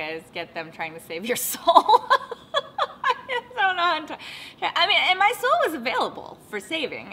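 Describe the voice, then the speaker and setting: A woman being interviewed about her travels and voice work, talking in an animated, self-mocking way and slipping into short sung demonstrations. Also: on the low side, a little hiss or hum, poor audio. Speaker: interviewee, voice actor and dialect coach. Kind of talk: casual interview with playful demonstrations.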